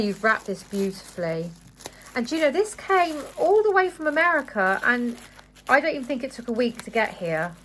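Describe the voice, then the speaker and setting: A woman's voice: medium pitch, slight background noise. Gushing woman unboxing crafts. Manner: gushing, excitable, chatty. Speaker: craft vlogger. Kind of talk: casual unboxing chat.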